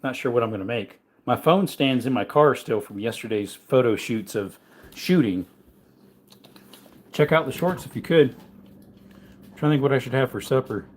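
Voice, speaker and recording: A man's voice: mid-range voice, lively intonation, moderate pace, pauses often. A man vlogging from his home kitchen in a rambling casual chat, wandering between topics and talking to his dogs.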